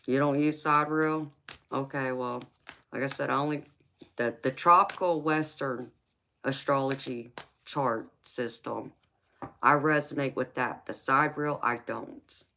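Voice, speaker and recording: A woman's voice: extremely low pitch, steady tone, measured pace, sharp tone. A middle-aged woman from California with a Southern accent, chatting on a livestream and reading viewer comments, calling people honey and sweetheart and laughing often. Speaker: tarot reader and livestream host.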